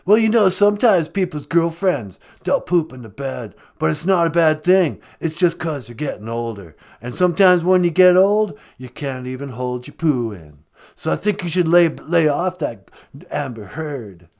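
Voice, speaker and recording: A man doing an impression of a laid-back male movie star, speaking in a slow, easygoing drawl. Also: fairly high pitch, expressive, a little mellow.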